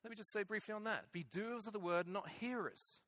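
A man's voice: sits high, fairly quick, fairly bright tone, dry recording. A middle-aged male pastor preaching a sermon, emphatic and repeating key phrases for weight. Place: church hall with congregation.

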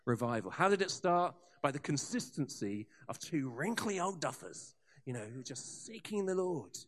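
A man preaching a sermon, telling revival stories with lively asides and frequent restarts. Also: fairly high pitch, normal speed. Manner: animated storyteller with asides and restarts. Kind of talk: sermon storytelling.

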